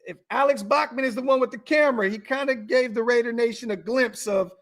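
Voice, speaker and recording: A man's voice: extremely high pitch, a little fast, a bit bright. A man hosting a casual sports podcast, talking animatedly to his viewers, often repeating himself and restarting phrases. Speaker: podcast host.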